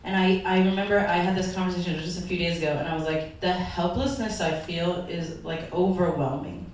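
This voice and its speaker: A woman's voice: fairly low pitch, a little fast, darkish tone, a little hiss or hum. A woman pastor giving an earnest, emotional sermon, her voice sometimes wavering as if near tears. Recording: echoey hall from far off.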